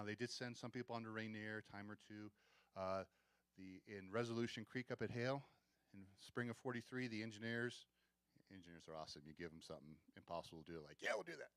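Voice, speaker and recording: A man with a deep voice gives a relaxed history talk at a museum event, speaking close to the mic in a dry room. He talks in a conversational, wry way and often restarts his sentences. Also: no echo. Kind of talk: casual lecture with slides.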